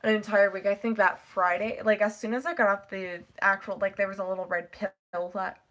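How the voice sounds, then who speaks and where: A teenage girl vlogging casually, retelling a story in a rambling, animated way, full of "like" and quoted asides. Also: medium pitch, brisk. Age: teens.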